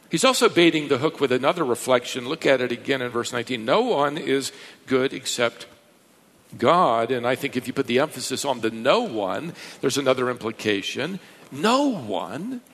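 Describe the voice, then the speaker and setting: A man preaching a verse-by-verse sermon as a pastor, emphatic, pushing his pitch and volume up to stress points. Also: animated, fairly quick, creaky, a bit bright. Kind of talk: expository sermon. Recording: long reverb of a large hall.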